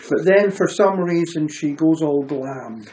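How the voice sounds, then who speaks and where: A man chatting as a guest co-reviewer, making dry, deadpan quips. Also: fairly high pitch, a little slow. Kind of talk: casual chat about a film. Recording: roomy echo.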